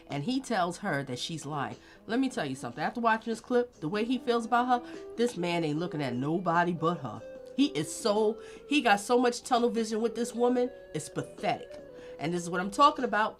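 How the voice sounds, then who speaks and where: Blunt, animated woman streamer. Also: on the low side. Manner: blunt, animated, talks straight to viewers. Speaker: live-stream commentary host. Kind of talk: casual live-stream commentary.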